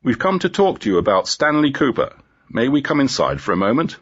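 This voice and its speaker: Man doing a brisk male police inspector. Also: mid-range voice, very animated, a bit bright, husky, pitched above the performer's own voice. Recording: dull lo-fi recording.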